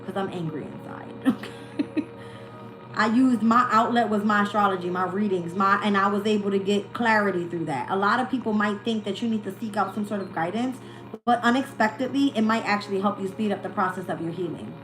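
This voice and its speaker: A woman's voice: mid-range voice, fairly quick, fairly bright tone, soft background music, low-quality recording. A woman giving a casual live-stream tarot reading, talking bluntly and swearing freely. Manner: blunt, profane, candid. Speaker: tarot reader.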